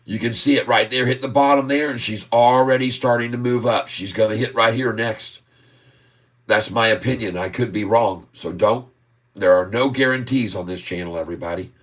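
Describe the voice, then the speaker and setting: A man hosting a live stock-market stream, excitedly calling price moves, drawing out sing-song chart calls and repeatedly addressing viewers as folks. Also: lowish voice, moderate pace. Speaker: stock market channel host.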